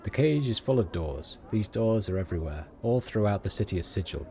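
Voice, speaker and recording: A man's voice: on the low side, measured pace, a little mellow, natural voice. A man voicing a chatty, superstitious male rat catcher, reading slangy street talk aloud with small stumbles.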